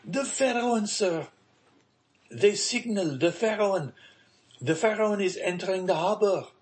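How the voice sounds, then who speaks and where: A man's voice: high voice, a little slow, pitched above the performer's own voice. A man playing a jubilant young clerk. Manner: shouting, excited. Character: young clerk bursting with joyful news. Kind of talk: audiobook character reading.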